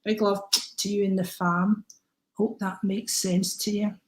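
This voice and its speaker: A woman's voice: medium pitch, flat delivery, a little slow. A woman doing a live-stream card reading, chatty and affectionate, calling viewers by name. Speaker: psychic card reader. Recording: echoey room.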